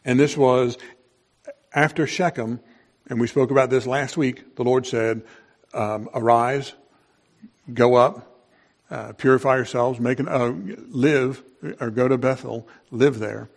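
Preaching his sermon at an easy pace, this pastor uses a steady, mid-range voice. He sounds conversational, often using fillers and starting sentences over.

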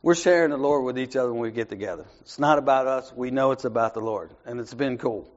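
Speaking fast at a medium pitch, a man guides an informal Bible study in a chatty way, dropping his voice for asides, raising it for emphasis, and frequently tossing in "right?" The audio is muffled and lo-fi.

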